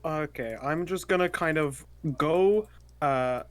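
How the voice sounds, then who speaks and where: Guy playing dnd, slightly high voice, dry mic, lots of uh and um. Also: slow pace, clear, resonant tone, no echo. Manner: casual, hesitant with fillers. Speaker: player. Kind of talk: casual tabletop play.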